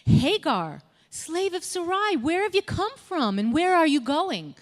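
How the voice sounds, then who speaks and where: A woman's voice: very high voice, very animated, unhurried, voice pushed up, exaggerated voice. A woman doing a divine angel calling out. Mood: questioning. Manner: calling out, questioning. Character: solemn divine angel questioning a runaway. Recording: echoey hall with long reverb.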